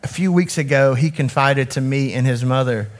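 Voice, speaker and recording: A youth ministry director in his forties delivers a candid personal talk to an audience, criticizing himself along the way. He uses a handheld microphone, speaks in a mid-range voice at a moderate pace, and often begins sentences again.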